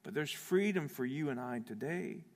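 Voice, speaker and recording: A male pastor preaching an Easter sermon, swinging from rousing shouts down to hushed, quiet appeals. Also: mid-range voice, animated, moderate pace. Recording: echoey hall, long reverb.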